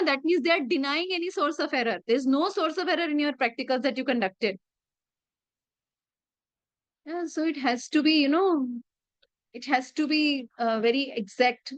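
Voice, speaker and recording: A woman's voice: high voice, no room sound. Indian woman teacher, late 30s, chatty lecturer, slightly dull recording. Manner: chatty, mixes in Hindi phrases. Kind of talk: classroom lecture with anecdotes. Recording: slightly muffled dry recording.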